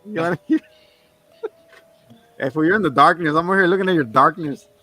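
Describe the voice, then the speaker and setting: A man co-hosting a casual movie-review chat, retelling scenes with lively, swearing banter. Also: on the high side, moderate pace. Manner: animated retelling of film scenes, frequent laughs and swearing. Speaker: podcast co-host.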